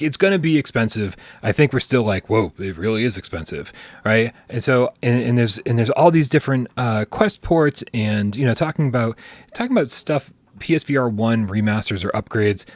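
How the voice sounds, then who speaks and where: A man hosting a casual gaming podcast, talking in a measured, thoughtful way with frequent fillers. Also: medium pitch, no echo. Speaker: podcast host.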